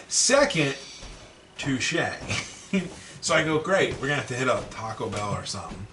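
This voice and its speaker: Animated, profane man telling stories. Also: on the low side, unhurried, far from the mic. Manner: animated, profane, laughs often, acts out quotes. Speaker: podcast co-host. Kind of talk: casual storytelling chat. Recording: roomy echo, a bit off-mic, faint background noise.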